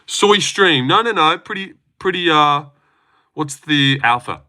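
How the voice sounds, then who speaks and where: A man's voice: on the high side, a little slow. A young man with an Australian accent, chatting loosely and swearing as he hosts a livestream and reads out comments. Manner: loose, excitable, swearing banter. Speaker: livestream host. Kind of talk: casual livestream chat reading comments.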